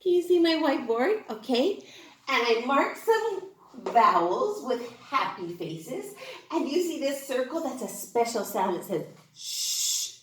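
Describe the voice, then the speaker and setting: A woman teaching an online phonics class to young children, encouraging and exaggerated, speaking slowly and clearly. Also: high-pitched, big pitch swings, reverberant. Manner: sing-song, encouraging, slow and exaggerated for small children. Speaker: kindergarten teacher.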